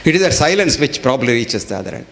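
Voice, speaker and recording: A man's voice: mid-range voice, sing-song, very fast, gravelly, a bit bright, slight background noise. A man giving a public talk, a wry storyteller who mixes jokes with reflective asides. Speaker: guest speaker. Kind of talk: public lecture with humorous anecdotes.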